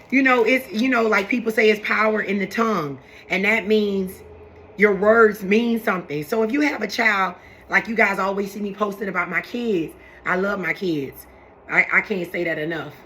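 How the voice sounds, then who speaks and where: A woman's voice: medium pitch, pushed and bright, slight background noise. A young woman, chatting casually and animatedly to her viewers, repeating herself as she makes her points. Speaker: vlogger talking to her viewers. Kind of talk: casual live chat to camera.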